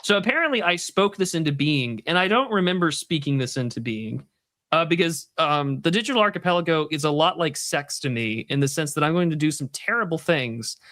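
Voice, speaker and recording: A man's voice: a little high, expressive, a little fast, a bit bright. A man hosting a casual livestream, joking and swearing as he reads viewer messages aloud. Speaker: host.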